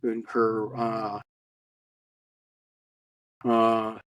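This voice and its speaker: A man giving a personal testimony in a halting monologue, with many fillers and blunt profanity. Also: fairly low pitch, completely flat delivery, fairly bright tone, low-quality recording. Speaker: storyteller.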